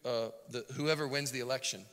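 A man preaching a sermon as a pastor, animated and dramatic yet conversational. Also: medium pitch, fairly quick. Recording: long hall reverb.

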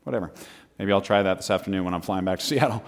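A man preaching in an animated, conversational style, often laughing between his points. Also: sits low, very fast. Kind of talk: humorous sermon.

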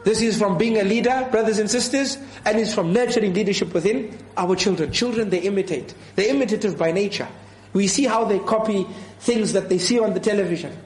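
Earnest high-voiced male preacher, echoey room. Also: brisk. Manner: earnest, repeats key phrases, quotes Arabic scripture. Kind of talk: sermon.

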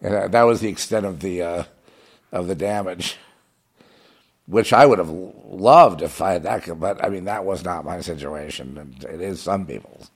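A man's voice: low voice, moderate pace, breathy edge. A man preaching in a rambling, fervent monologue, repeating himself and quoting imagined critics.

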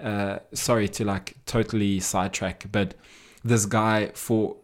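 Slow-talking, low-voiced man co-host. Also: little pitch movement. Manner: unhurried, teasing, chatty. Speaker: podcast co-host. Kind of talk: casual chat.

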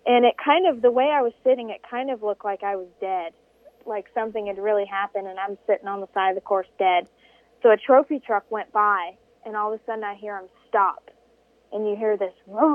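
A woman guest recounting a desert race story, animated and acting out the voices of people she quotes. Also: a little fast, no room sound. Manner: animated, acts out quoted voices with big pitch jumps. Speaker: interview guest, desert racer. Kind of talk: storytelling in conversation. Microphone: phone. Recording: tinny phone line.

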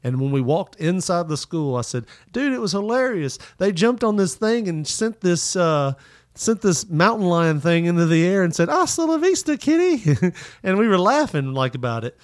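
A man tells a story in an animated, profane way, slipping into voices for the people in it. His voice sits a little high. The sound is dry and close to the mic. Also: moderate pace, no echo. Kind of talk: casual storytelling chat.

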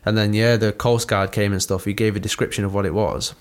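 A man's voice: on the low side, flat delivery, a little fast. A young man co-hosting a podcast, telling a story in a rambling, sweary, laughing way. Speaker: podcast co-host. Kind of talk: casual chat.

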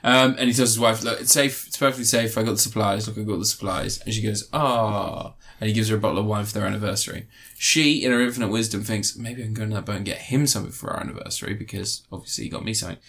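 A man casually recapping and reviewing a film, rambling with fillers, sarcastic asides and quick mock voices. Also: lowish voice, creaky, fairly bright tone, husky.

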